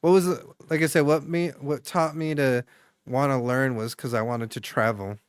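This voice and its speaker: Young man streamer, smooth dry voice. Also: medium pitch, steady tone, moderate pace, no echo. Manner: rambling, chatty, full of fillers and restarts. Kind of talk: casual chat with viewers.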